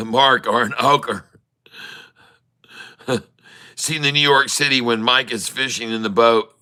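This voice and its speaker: A man's voice: medium pitch, fairly even intonation, takes it slowly, bright, forceful tone, clear, resonant tone. A middle-aged man giving live day-trading commentary, joking and rambling with showman asides to his viewers. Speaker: day trader streaming to viewers.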